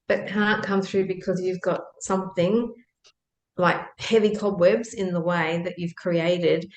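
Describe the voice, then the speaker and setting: A middle-aged woman co-hosting a podcast, telling stories in a lively, emphatic way and laughing often. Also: lowish voice. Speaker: podcast co-host. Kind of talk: casual chat, anecdotal storytelling. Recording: echoey room.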